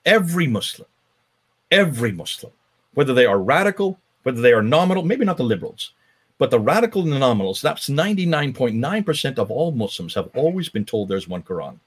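A husky-voiced man talks through his points with lively, swinging pitch. He speaks emphatically in a conversational lecture style, often restarting his sentences. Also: a little fast. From United States. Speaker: guest speaker.

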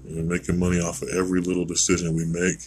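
A man's voice: sits low, monotone, fast, low-quality recording. An American man hosting a podcast, rambling through a blunt, digressive opinion monologue with casual swearing. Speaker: podcast host.

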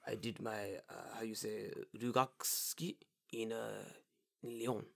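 A man's voice: lowish voice, fairly even intonation, unhurried, creaky, pitched below the performer's own voice. A man putting on the voice of a salty, bearded fisherman who speaks English with a French accent and keeps searching for words. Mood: musing.

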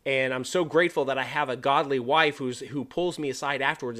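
Middle-aged male podcast host, slightly high voice, chatty Bible teaching, peppered with "right?". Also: normal speed, few pauses, fairly bright tone. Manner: conversational, many fillers and "right?" tags.

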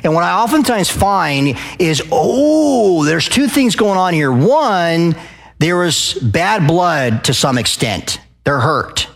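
A man from Arizona speaking at a live event, lecturing an audience in a loud, passionate way and often checking in with "okay?" and questions. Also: fairly high pitch, big pitch swings, slow pace. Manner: addresses the crowd with frequent "okay?" and questions.

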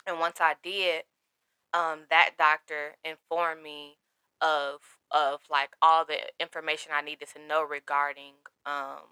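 Young woman, candid storyteller, crisp bright tone. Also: sits low, level tone, measured pace, no room sound. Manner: candid, emotional, quotes others in her own voice. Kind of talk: personal storytelling to camera.

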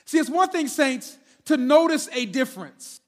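A male pastor with a strikingly high voice, preaching in a church sanctuary. He talks to the congregation in a conversational way, often repeating himself, and moves between loud punches and quiet, drawn-out words. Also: big pitch swings. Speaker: senior pastor. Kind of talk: sermon.

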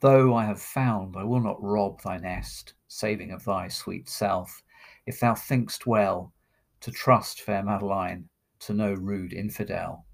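A man voicing an ardent young male lover, reciting his lines slowly as poetry. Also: fairly low pitch, gravelly, exaggerated voice. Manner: slow, impassioned verse recitation.

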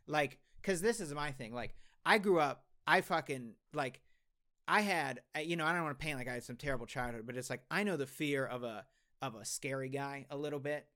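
A man's voice: mid-range voice, a little fast, pushed and bright. Rambling, profane young man telling a story. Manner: rambling, profane, many restarts. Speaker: podcast co-host. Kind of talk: casual storytelling chat.

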